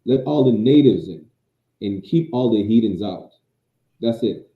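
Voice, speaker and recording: Lowish-voiced guy arguing on a podcast, sounds like a phone call in an echoey room. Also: lively intonation, unhurried. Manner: argumentative, stammering restarts. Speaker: podcast co-host. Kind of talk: casual chat. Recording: tinny phone-like line, roomy echo.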